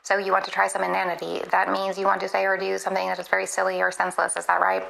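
Woman voicing a polite chatbot thing, super creaky, earnest and literal, always saying sorry. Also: mid-range voice, completely flat delivery, very fast, a bit bright, poor audio. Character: polite chatbot assistant, female-sounding, earnest. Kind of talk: comedy skit.

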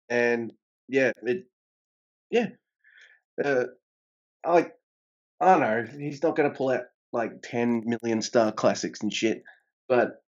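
A man co-hosting a casual podcast, talking in an animated, profane way, his voice jumping up when he makes a point. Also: lo-fi sound. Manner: animated, swearing, pitch jumps up when emphatic. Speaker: podcast co-host reviewing wrestling.

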